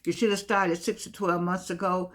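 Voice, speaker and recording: A woman's voice: lowish voice, flat delivery, normal speed. A woman vlogging in a casual, meandering monologue that often circles back and repeats itself. Some of her words come out slightly slurred because of missing teeth. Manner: chatty, meandering, repeats herself.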